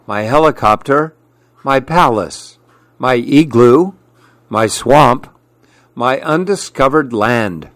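A man reading a children's storybook aloud, gentle and unhurried. His voice rises and falls a lot for emphasis, and the sound is dry and close. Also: mid-range voice, dry recording.

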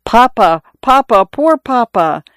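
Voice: mid-range voice, takes it slowly, gravelly, dry recording, studio quality. A reader voicing a grieving son in his twenties who answers meekly and stammers. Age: 20s. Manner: meek, stammering. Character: grieving young son, meek and obedient.

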